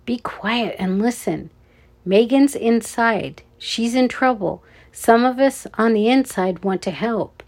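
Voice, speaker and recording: A woman doing a hulking, throaty guard. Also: slow. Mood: urgent. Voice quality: deep, throaty. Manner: urgent, hushed warnings. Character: huge gruff male security guard.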